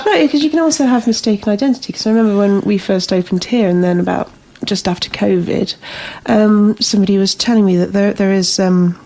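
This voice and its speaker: A woman, a club owner guest, telling stories quickly and teasingly, laughing as she goes. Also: medium pitch, warm tone. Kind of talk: casual chat.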